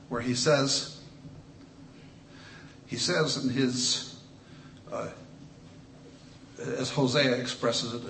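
Male preacher, mid-pitched, slow emphatic scripture reading between quicker asides, recorded in a roomy space with faint background hum. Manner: reads scripture slowly and emphatically, asides with restarts.

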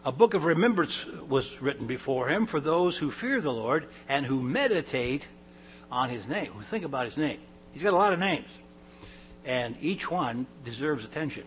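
A man's voice: a little high, animated, moderate pace, slight background noise, rough recording. A man giving a sermon, reading scripture with rising emphasis and then explaining it in a plain, conversational way with restarts. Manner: conversational asides with small laughs and restarts. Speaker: pastor.

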